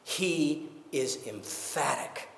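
A man preaching a sermon as pastor, emphatic, with slow deliberate phrasing. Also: fairly high pitch, animated, vocal fry, fairly bright tone, reverberant, big-room sound, slight background noise.

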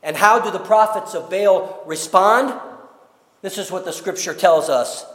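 A man preaching a sermon as pastor, emphatic, with slow deliberate phrasing. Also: high voice, fairly bright tone, echoey room, long reverb tail.

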